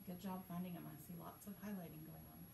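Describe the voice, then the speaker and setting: A woman's voice: fairly low pitch, fairly even intonation, fast talker, creaky, background noise. A woman teacher, leading a reading lesson with patient, encouraging questions. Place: school classroom. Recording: echoey classroom from far off.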